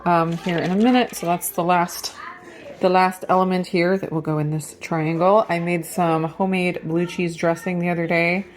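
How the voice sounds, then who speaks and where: Woman with a low, even voice, chatting in a vlog. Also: normal speed, a little hiss or hum. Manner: coos in a high sing-song voice to the animals. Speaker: vlogger. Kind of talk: casual food and farm vlog narration. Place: small home farm and home kitchen.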